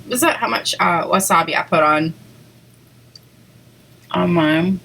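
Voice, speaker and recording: A woman's voice: fairly low pitch, a little slow, gravelly, fairly bright tone, poor audio. A woman hosting a casual eating video, chatting to viewers between bites with lots of "like" and "um" and small giggles. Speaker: eating show host. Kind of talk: casual mukbang chat to viewers.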